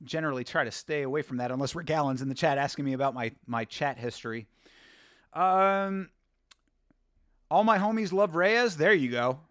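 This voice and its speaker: A man's voice: fairly high pitch, normal speed, a bit bright, dry recording, clean studio sound. A man hosting a live watch-along stream, chatting casually, rambling and laughing as he reads from chat.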